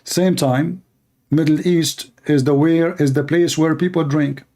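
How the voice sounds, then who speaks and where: A man's voice: fairly high pitch, steady tone, measured pace, warm tone. A man hosting a polemical talk who speaks in sarcastic, mocking, non-standard English. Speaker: host.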